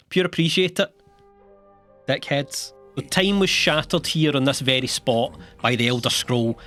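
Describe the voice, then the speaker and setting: A young man narrating a comedic video game summary, sarcastic and animated, swearing casually and laughing between lines. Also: a little high.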